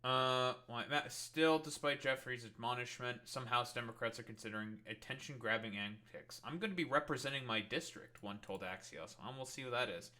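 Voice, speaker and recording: A man's voice: medium pitch, moderate pace, few pauses, bright, forceful tone. A man streaming, ranting with profanity and exasperation while reading political news aloud. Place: home streaming setup.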